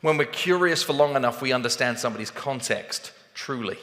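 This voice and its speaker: A man giving a motivational talk on a stage, animated and acting out both sides of conversations. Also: medium pitch, fairly quick, long reverb tail. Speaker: sales trainer speaking on stage.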